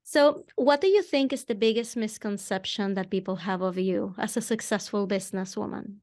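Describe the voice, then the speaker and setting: A woman hosting a podcast interview, asking questions at a slow, deliberate pace. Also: medium pitch, darkish tone. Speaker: podcast host. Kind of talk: conversational interview.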